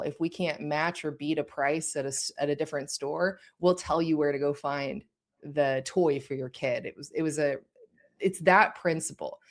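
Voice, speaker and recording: Low-voiced woman teaching a course. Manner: direct, checks in with listeners. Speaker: course instructor. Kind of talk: conversational teaching.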